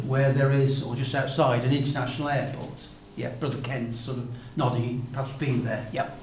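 A man preaching a sermon, expounding Bible passages slowly and turning to the congregation with asides. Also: fairly high pitch, slight background noise. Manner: slow, measured Bible exposition with asides to the congregation. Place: church hall. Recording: echoey hall, faint ambience.

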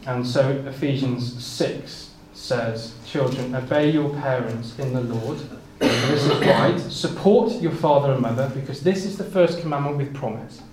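This preacher, a man with a middle-pitched, somewhat dark voice, reads scripture in King James wording and then unpacks it in plain speech. As he collects his thoughts he frequently stumbles and repeats small words. The recording sounds roomy and echoey, with faint background noise.

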